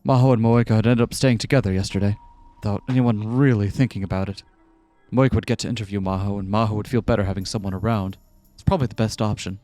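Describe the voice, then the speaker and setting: A man hosting a let's-play reads a visual novel aloud in a fairly low voice. He keeps it casual, dropping in joking asides, while faint music plays underneath. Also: steady tone, fast talker, mellow. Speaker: let's-play host reading the game.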